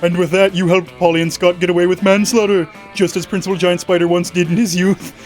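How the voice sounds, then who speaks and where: A man reading game narration aloud with a wry, mock-dramatic tone. His voice sits high for a man. Faint music plays underneath. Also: flat delivery, fast.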